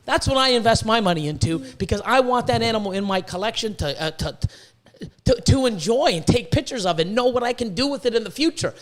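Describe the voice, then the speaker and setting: A man's voice: sits high, expressive, fast. Heated, cursing man on a podcast. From Canada. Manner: profane, worked-up, repetitive stammering restarts. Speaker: podcast host. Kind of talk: casual ranting podcast talk.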